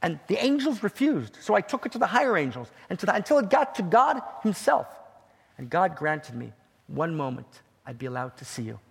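A man voicing a young holy master who speaks with gentle, heartfelt passion, in a husky voice with a long hall echo. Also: medium pitch, normal speed. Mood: pleading.

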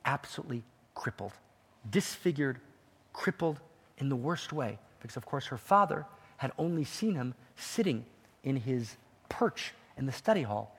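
A man giving a storytelling sermon in a dramatic way, often asking "right?", with a husky voice and a long hall echo. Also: mid-range voice, very animated, normal speed. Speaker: teacher.

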